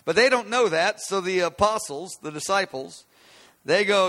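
A man preaching a sermon in a high, bright voice. He teaches from scripture in an easygoing, conversational way, often restarting his phrases. His voice rings out with a long hall reverb. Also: lively intonation, normal speed.

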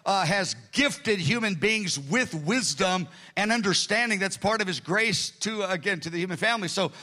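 A man's voice: moderate pace, bright, forceful tone. A man in his sixties preaching a sermon to his congregation, earnest and conversational, with a voice that tends toward strain. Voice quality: voice prone to strain. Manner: earnest, conversational preaching with sudden rises in pitch. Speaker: pastor.

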